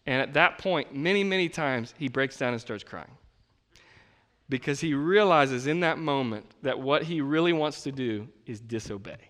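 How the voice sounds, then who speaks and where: A man's voice: mid-range voice, normal speed. Conversational man preaching in an echoing hall. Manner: conversational, animated, acts out quoted voices. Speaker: pastor. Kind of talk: sermon. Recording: long reverb of a large hall.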